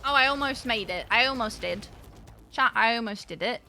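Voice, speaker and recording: Woman streamer, bright voice, a bit high, giggly and playful, faint game music behind. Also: normal speed. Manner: giggly, playful, chatty, greets chat. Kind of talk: casual live-stream chat while playing.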